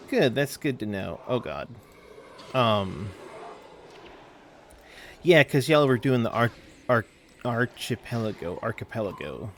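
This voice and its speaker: A man's voice: mid-range voice, lively intonation, takes it slowly, long pauses, slight background noise. A man streaming a game, chatting casually with viewers in a rambling, easygoing way while calling out what happens in play. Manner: rambling, easygoing, answers chat between game callouts.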